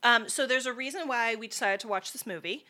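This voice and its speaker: A woman's voice: on the high side, a little fast, bright, forceful tone. A woman hosting a podcast in easygoing casual chat. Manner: easygoing, with many "yeah" and "um" fillers. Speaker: podcast host.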